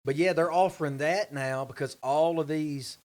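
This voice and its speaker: A man's voice: a little high, moderate pace. Easygoing teasing male co-host. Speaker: podcast co-host. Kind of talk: casual chat.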